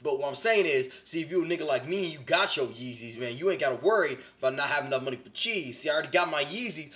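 A man's voice: on the high side, animated, rapid-fire, a bit bright. A young man doing a comic cooking video in his home kitchen, talking in a swaggering, slang-heavy, boastful way. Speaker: comedic cooking vlogger. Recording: echoey kitchen, faint noise.

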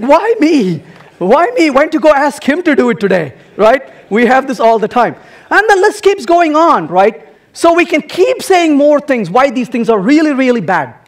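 A man with a very high voice speaks to a conference audience, his pitch swooping up and down. He teases the room with rhetorical questions and keeps the tone playful throughout a technical talk. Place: conference hall.

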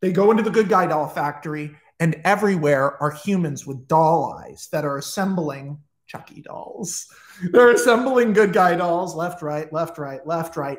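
Excitable man retelling a story, high voice. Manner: excitable, profane and enthusiastic. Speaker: storyteller retelling a film pitch. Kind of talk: animated comic retelling.

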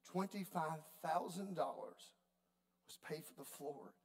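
Folksy gravelly pastor man. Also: a little high, measured pace. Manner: folksy, animated storytelling with dialect. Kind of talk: sermon with storytelling.

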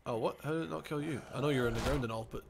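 A man's voice: mid-range voice, rapid-fire, gravelly, a little hiss or hum. A man casually commenting on his own gameplay, rambling, correcting himself and chuckling as he goes. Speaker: gaming channel host. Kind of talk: casual let's-play commentary.

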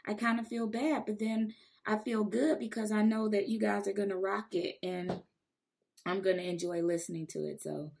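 A woman's voice: mid-range voice, fairly even intonation, moderate pace, gravelly, darkish tone. Chatty, enthusiastic woman podcast host. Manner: chatty and enthusiastic, laughs along. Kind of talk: casual podcast interview.

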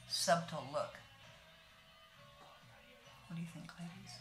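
A woman's voice: on the low side, steady tone, slow, pauses often, fairly bright tone, faint music behind. Chatty older woman in an echoey room. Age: 60s. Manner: homey, talks to viewers as ladies, narrates each step. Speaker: beauty vlogger. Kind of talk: chatty makeup tutorial.

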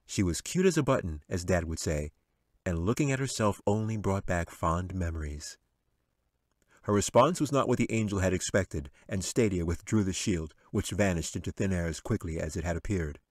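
Deep-voiced man narrating a story. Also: dry recording, clean studio sound. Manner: measured, expressive storytelling. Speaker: author reading his novel. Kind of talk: audiobook narration.

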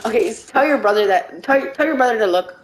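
A woman in casual gaming chat with a lively, scolding way of talking. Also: a little high, fast, roomy sound, slight background noise. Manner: animated, scolding. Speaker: vlogger.

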